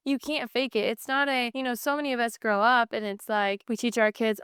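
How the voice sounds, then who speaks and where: A woman's voice: fairly high pitch, normal speed, few pauses, a bit bright, clean tone, dry recording, studio quality. A woman in her thirties co-hosting a podcast, talking in an earnest, flowing, explanatory way. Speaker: podcast co-host. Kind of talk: casual chat.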